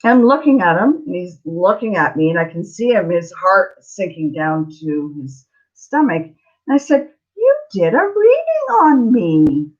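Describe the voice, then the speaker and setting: A woman's voice: fairly low pitch, animated, unhurried. A middle-aged woman, a psychic tarot reader telling a story in a blunt, chatty, digressive way on a live Q&A stream. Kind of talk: casual storytelling on a livestream. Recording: slightly dull lo-fi audio.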